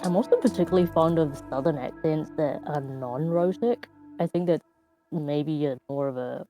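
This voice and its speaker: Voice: mid-range voice, moderate pace, music in the background, poor audio. A co-streamer in casual live chat, talking in a rambling way with lots of hedging. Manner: rambling, laughs often, hedging.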